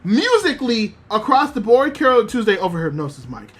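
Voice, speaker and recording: Streaming as a VTuber, a woman with a high-side voice talks a little fast. She chats casually about anime in an animated, rambling way packed with swearing and fillers, reading chat messages aloud.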